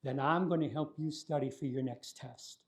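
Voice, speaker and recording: A man speaks as a remorseful young boy making amends to his sister in a children's story. The delivery is slow and sincere, and the tone is soft and mellow. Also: mid-range voice, steady tone, a little hiss or hum, natural voice. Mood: apologetic.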